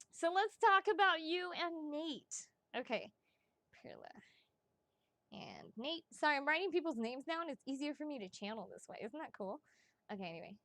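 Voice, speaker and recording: A woman giving psychic readings on a casual live stream, chatty and excitable, swearing freely and talking straight to her viewers. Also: high-pitched, normal speed, no room sound, clean studio sound.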